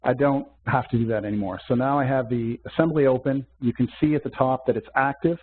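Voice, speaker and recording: A man teaching a software demo in a webcast, walking through steps methodically with small fillers. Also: medium pitch, fast talker, a little hiss or hum. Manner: methodical step-by-step explaining with fillers. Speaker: software instructor. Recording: tinny phone-like webcast audio.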